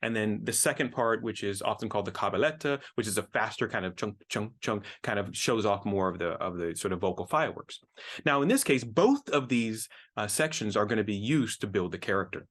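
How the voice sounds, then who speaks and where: A man's voice: lowish voice, expressive, brisk, a bit bright. A middle-aged man, a music professor, giving an enthusiastic explanatory lecture, often repeating words as he thinks. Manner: enthusiastic, repeats words while thinking, sings short snippets.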